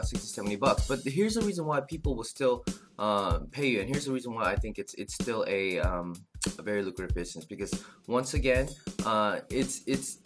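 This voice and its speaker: A man explaining phone screen repair as an instructor, talking casually with lots of "uh" fillers and restarts. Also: on the low side. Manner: filler-heavy, frequent "uh" restarts. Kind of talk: casual tutorial talk.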